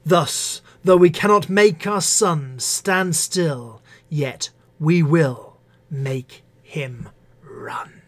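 A man who teaches English, reading poems aloud with expressive, measured delivery and breaking off into hesitant spoken asides. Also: fairly high pitch. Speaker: English teacher hosting a live stream. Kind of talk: poetry reading with commentary.

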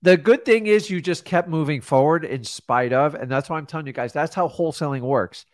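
Male coach giving casual advice, animated storyteller, dry recording. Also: a little high, fairly quick, no room sound. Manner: animated storyteller acting out quotes. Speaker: real estate coach.

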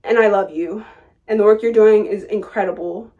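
In a dark-toned, mid-range voice at normal speed, captured on a muffled recording, a young vlogger delivers a heartfelt rant to her camera. She sounds impassioned and wounded, echoing her own words and trailing into mournful fillers.

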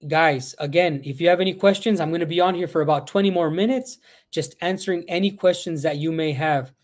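High-voiced man chatting on a live stream. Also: fairly quick. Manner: rambling, reads out chat questions, mixes in Spanish. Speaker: guest answering viewer questions.

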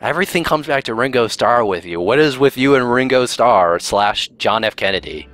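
A man doing casual let's play commentary with wry, deadpan jokes. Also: medium pitch, moderate pace, dry recording.

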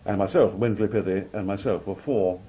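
A man from Liverpool, working as a television announcer, telling anecdotes in a relaxed interview and acting out the people he quotes. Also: lowish voice, a little fast, slightly rough. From Liverpool, England. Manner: lively raconteur, acts out quoted people in different voices. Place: outdoor country fair at a cricket ground.

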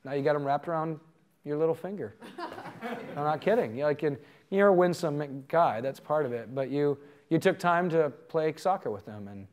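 A man's voice: on the high side, darkish tone. A man giving a conversational teaching talk to a live audience, telling stories in an earnest way. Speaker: conference speaker.

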